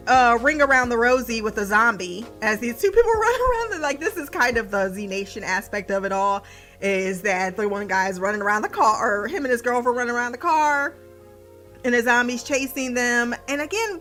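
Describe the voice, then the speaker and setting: A woman's voice: a little high, pushed and bright. A young woman recapping a TV episode in casual podcast chat, laughing often, swearing and mimicking the characters.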